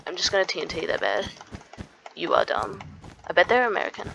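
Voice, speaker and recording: A woman's voice: fairly low pitch, sing-song, fairly quick, gravelly, muffled recording, background noise. A woman playing as a guest in a gaming video, chatting casually and teasing opponents. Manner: teasing, trash-talking. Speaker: guest player. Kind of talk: casual gameplay chat. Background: game music.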